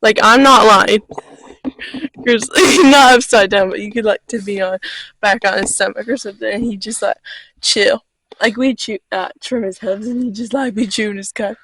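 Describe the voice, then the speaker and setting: A woman's voice: mid-range voice, steady tone, moderate pace, fairly bright tone, low-quality recording. A woman vlogging from her sheep pen, chatting casually with lots of "like" and cooing at her sheep, recorded outdoors on a handheld camera. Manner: chatty, full of "like", cooing at animals. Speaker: shepherdess vlogger. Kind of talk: casual vlog chat.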